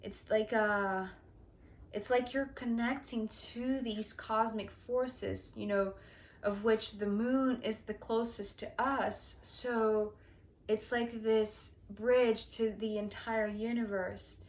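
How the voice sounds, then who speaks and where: A woman doing a tarot reading, speaking slowly and softly, often sinking to a near whisper. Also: on the high side, steady tone. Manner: slow, soft and dreamy, often dropping to a near whisper. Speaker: tarot reader. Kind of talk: intuitive tarot reading monologue.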